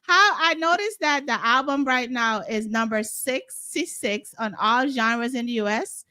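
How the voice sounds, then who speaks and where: A woman's voice: fairly high pitch, measured pace, pushed and bright. A woman hosting a casual interview, chatty and teasing.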